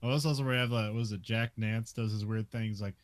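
A man's voice: lowish voice, steady tone, quick pace, no echo. A man co-hosting a film podcast, recapping scenes and laughing often. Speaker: podcast co-host. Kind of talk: casual film discussion.

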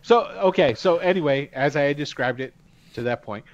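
A man's voice: fairly high pitch, fairly quick, no room sound. A man narrating a tabletop game as game master, casual, laughing often. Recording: dull lo-fi sound.

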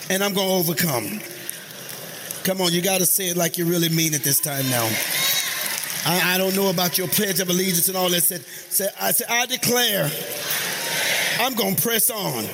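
A pastor preaching a sermon to his congregation, leading call-and-response and drifting into sung, chanted phrases that rise into high shouts. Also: normal speed, long pauses, background noise. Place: church sanctuary.

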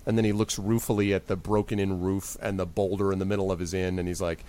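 Low-voiced man running a tabletop game. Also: little pitch movement, fast talker, few pauses, warm tone. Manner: rambling, filler-heavy. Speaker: game master.

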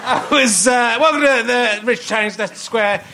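A man's voice: extremely high pitch, moderate pace, noisy background. A man with an English accent hosting a comedy podcast live on a theatre stage, rambling and mocking himself in a sarcastic, joking way. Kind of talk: live stand-up style podcast intro.

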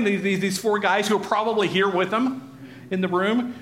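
A man teaching a Bible passage in a conversational way, animated and chuckling as he acts out the crowd. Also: high-pitched, normal speed. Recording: echoey room with faint noise.

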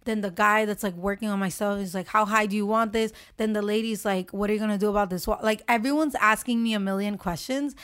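A young woman in casual chat, telling a story with lively acted-out quotes and frequent swearing. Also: medium pitch, fast, few pauses, smooth. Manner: animated storytelling, acts out quotes, swears freely.

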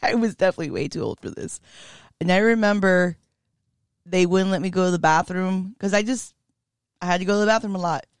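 A woman's voice: lowish voice, fairly quick, clear, resonant tone, dry recording, studio quality. A woman chatting casually on a podcast, telling a story with frequent laughter and acted-out quotes. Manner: animated storyteller who laughs often and acts out quotes. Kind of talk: casual chat.

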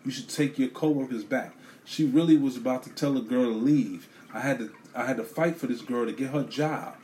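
A man telling a story as a profane rant, animated, swearing a lot and repeating himself. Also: medium pitch, fairly quick, slight background noise.

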